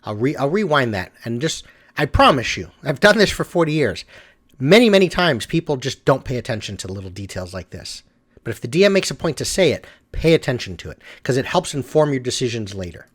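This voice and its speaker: A man's voice: mid-range voice, very animated, brisk. A middle-aged man commenting on a tabletop game clip in a casual, emphatic way, repeating his advice.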